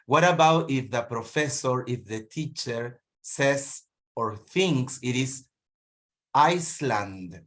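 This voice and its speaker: A man attending an online teacher meeting, raising a point in an earnest, measured way. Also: mid-range voice, animated, a bit bright.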